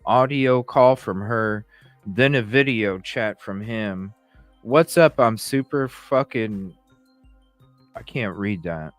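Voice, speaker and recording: A man's voice: lowish voice, slow, dry recording, faint music behind. Profane podcast host man reading texts. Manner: profane, incredulous. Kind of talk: reading texts aloud with commentary.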